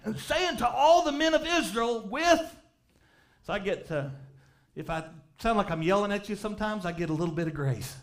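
A male preacher with a strikingly high voice delivers a revival sermon in church. He reads old-style scripture aloud and builds fervently until he is shouting key lines. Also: lively intonation, normal speed.

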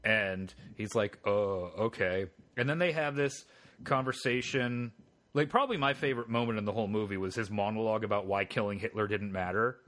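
On a podcast, a male co-host whose voice sits on the low side and sounds fairly bright speaks briskly in a casual film review. He recaps the movie and performs quoted lines in comic voices.

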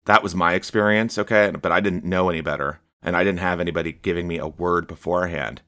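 Deep-voiced man sharing testimony haltingly. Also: fairly even intonation, fairly bright tone. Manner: halting, reflective, filler-heavy. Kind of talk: casual testimony chat.

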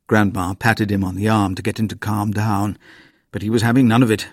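Man reading a spooky story, low gravelly voice, husky, dry close sound. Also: flat delivery, a little fast, no room sound. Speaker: narrator. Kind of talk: scripted storybook narration.

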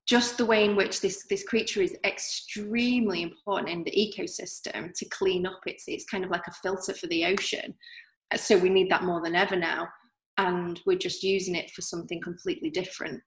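A woman's voice: on the low side, steady tone, a little fast. Woman, northern English accent, casual interview talk, many fillers, echoey room. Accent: softened northern English. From northern England. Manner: chatty, many fillers and restarts. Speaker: artist guest. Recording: roomy echo.

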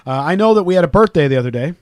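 A man co-hosting a casual podcast, telling stories with lots of swearing and loud acted-out quotes. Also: high voice, lively intonation, very fast, no room sound, studio quality. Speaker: podcast co-host. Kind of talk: casual profane chat.

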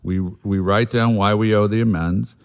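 A man's voice: fairly low pitch, steady tone, moderate pace, clean tone, dull audio. A man telling a candid recovery story in conversation, blunt and swearing freely, loose and rambling, then earnest about making amends. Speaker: guest sharing a recovery story.

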